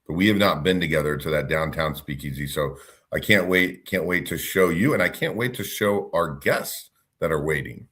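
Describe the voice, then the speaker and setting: A man's voice: extremely low pitch, normal speed, fairly bright tone. A man co-hosting a casual chat show, upbeat and rambling. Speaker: co-host.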